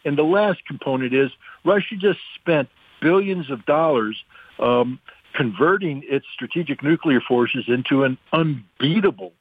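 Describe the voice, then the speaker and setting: A man's voice: on the high side, animated, a little slow, husky, dry recording. Man, blunt radio guest, emphatic, thin phone-line sound, dry, no room. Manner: blunt, emphatic, acts out quotes in mocking voices. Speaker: guest analyst, former weapons inspector. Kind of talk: radio call-in commentary.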